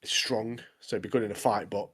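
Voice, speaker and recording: A man's voice: on the low side, fairly even intonation, fairly quick, a bit bright, breathy edge. A man co-hosting a podcast, joking casually, saying "mate" a lot and laughing often. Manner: jokey, says "mate" constantly, laughs a lot. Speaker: podcast co-host. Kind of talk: casual chat.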